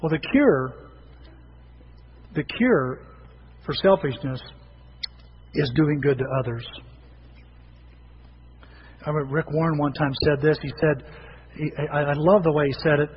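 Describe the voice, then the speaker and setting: A man preaching a sermon as pastor, animated, often repeating and restarting his words. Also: fairly high pitch, a little slow, long pauses, slight background noise. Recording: dull lo-fi sound with long hall reverb.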